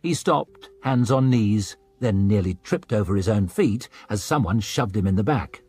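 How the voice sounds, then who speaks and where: A man narrating a dark fantasy audiobook in a dramatic reading style. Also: expressive, moderate pace, breathy edge. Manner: voices characters with raised pitch and volume.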